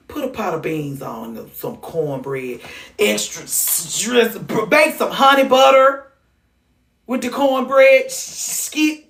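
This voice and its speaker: A woman hosting a comedic monologue, ranting in a sassy, animated way with mock-sweet asides. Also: medium pitch, a little slow, recorded from a distance. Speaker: host.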